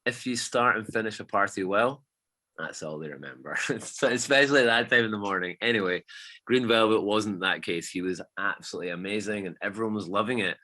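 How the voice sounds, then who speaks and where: Lively male DJ, low and bright, chatty storyteller. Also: brisk. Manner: animated, swearing storyteller. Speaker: DJ guest. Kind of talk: casual storytelling chat.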